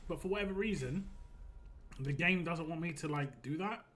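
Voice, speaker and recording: A man's voice: on the high side, animated, moderate pace, a bit bright, a little hiss or hum. A young man chatting casually and rambling while he streams a mobile game, laughing easily as he talks. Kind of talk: casual live-stream chat.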